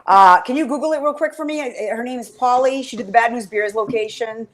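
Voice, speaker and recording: A woman's voice: on the high side, fast talker. A woman hosting a casual fan chat, rambling and swearing with enthusiasm, often trailing off mid-sentence. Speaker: podcast host.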